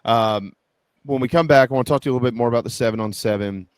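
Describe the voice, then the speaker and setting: A man hosting a sports talk radio show in a casual, folksy way, joking and rambling with frequent restarts. His voice is dry and close on a studio microphone, sitting at a middle pitch. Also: racing, smooth, no echo.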